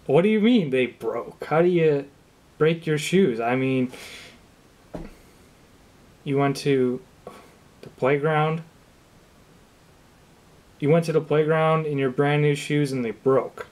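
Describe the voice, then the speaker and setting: A young man improvising one side of a phone call as a shoemaker, asking a customer question after question in an incredulous, deadpan, mock-supportive way. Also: on the high side, slow pace, pauses often.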